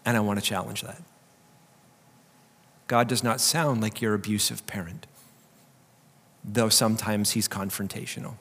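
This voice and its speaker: A man pastor giving a sermon, swinging between loud, urgent preaching and quiet emphasis. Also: lowish voice, fairly even intonation, moderate pace, pauses often, husky. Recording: long hall reverb.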